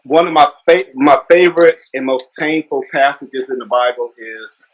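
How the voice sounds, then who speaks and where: A man's voice: mid-range voice, normal speed, hardly any pauses, rough recording. Male host, friendly, affirming, casual chat; faint background noise. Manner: friendly, affirming listener who quotes scripture. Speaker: interview host. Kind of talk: casual conversational interview.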